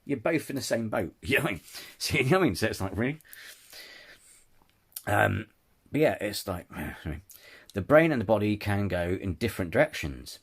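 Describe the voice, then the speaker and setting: A man with a husky, slightly low voice rants in a casual opinion video. He trips over words, restarts his sentences and keeps apologizing before charging on again. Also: expressive, moderate pace, pauses often. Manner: ranting, frequent restarts and apologies. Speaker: channel host. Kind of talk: casual opinion rant to camera.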